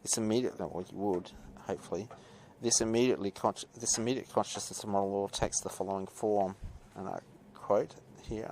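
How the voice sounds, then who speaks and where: Man, teacher, podcast lecture; low, creaky voice; hesitant and digressive. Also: fairly even intonation, a little fast, few pauses, darkish tone, slight background noise. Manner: rambling, hesitant, many fillers and asides. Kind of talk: podcast lecture, reading and commenting.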